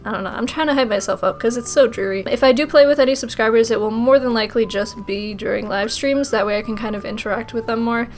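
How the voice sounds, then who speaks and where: A young woman in casual Q&A vlog talk, playful and self-mocking, her voice a little rough today, talking close to the mic. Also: a little high, quick pace, few pauses, soft background music. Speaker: YouTuber answering fan questions.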